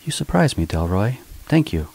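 A man's voice: lowish voice, big pitch swings, moderate pace, creaky, a little mellow, husky, pitched above the performer's own voice, heavily acted. A man reading a blunt young woman officer.

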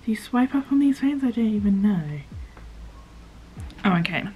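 A woman's voice: mid-range voice, animated, moderate pace, dull audio. A young woman in a casual unboxing vlog, chatting and swearing casually, and often dropping to a whisper as she reads the screen aloud. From United Kingdom. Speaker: vlogger.

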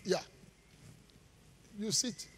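A man preaching a live sermon as pastor, animated, asking the congregation rhetorical questions and laughing between points. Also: very slow. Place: large church hall. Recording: live church sermon with long hall reverb.

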